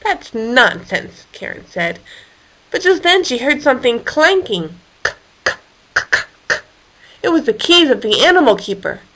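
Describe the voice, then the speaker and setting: Lively woman reading a children's story. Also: sits high, normal speed, rough recording. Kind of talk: storybook read aloud for children.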